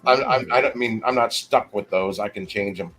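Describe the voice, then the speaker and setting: Low-voiced man rambling on a livestream. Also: a bit bright, soft background music. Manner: rambling, halting, frequent restarts. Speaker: livestream host. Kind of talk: casual livestream chat.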